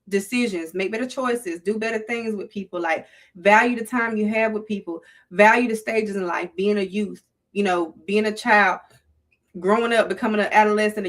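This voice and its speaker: In a mid-range, slightly bright voice, a middle-aged Southern US woman hosts a relaxed livestream, talking to her chat with a playful, preachy flair.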